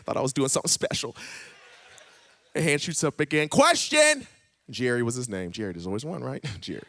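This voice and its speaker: A man telling a personal testimony in church, a dramatic storyteller who swings between hushed tones and shouting. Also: medium pitch, lively intonation, fast talker, dry recording. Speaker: guest speaker.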